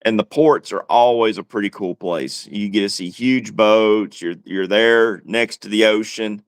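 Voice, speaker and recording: A man's voice: fairly low pitch, unhurried, clean tone, no room sound. A man co-hosting a casual livestream chat, talking in a laid-back, wry drawl. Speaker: livestream co-host.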